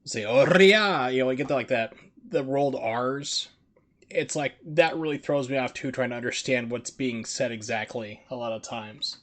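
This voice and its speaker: A man's voice: mid-range voice, fairly even intonation, moderate pace. A man from the United States streaming a game, chatting in a rambling, filler-heavy way. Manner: rambling, filler-heavy chat with put-on voices. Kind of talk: casual gameplay commentary.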